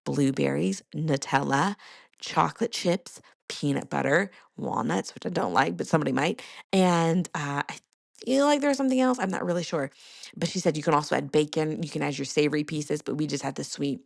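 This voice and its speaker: Chatty woman with a gravelly low voice. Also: brisk, dry recording, clean studio sound. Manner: chatty storytelling with fillers. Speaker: podcast host. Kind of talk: casual chat.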